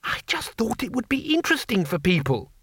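A man's voice: very high-pitched, big pitch swings, brisk, fairly bright tone, husky, no room sound, clean studio sound, voice pushed up, full character voice. A man voicing a timid, mild-mannered male tourist who talks in an earnest, apologetic way.

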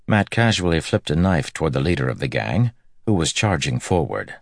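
Very deep, gravelly male narrator. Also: no echo, studio quality. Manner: steady, measured storytelling. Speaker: audiobook narrator. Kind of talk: scripted narration.

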